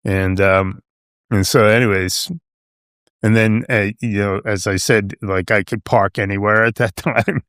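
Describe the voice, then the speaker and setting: Recorded dry and at studio quality, this older New Yorker has a lowish, fairly bright voice with a steady tone and an unhurried pace. He's an American veteran guest spinning casual, rambling stories, restarting often, using fillers, and performing the voices of people he quotes.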